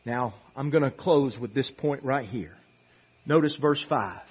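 A man preaching a sermon in a church, moving from quiet asides to emphatic repeated lines, on a dull lo-fi recording. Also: medium pitch, measured pace, husky. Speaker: pastor. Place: church sanctuary.

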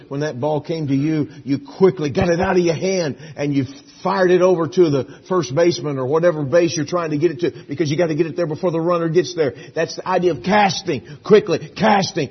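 A middle-aged man preaching a sermon, shifting from hushed, intimate lines to loud, emphatic bursts, with a husky voice. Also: a little high, lo-fi sound. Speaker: pastor.

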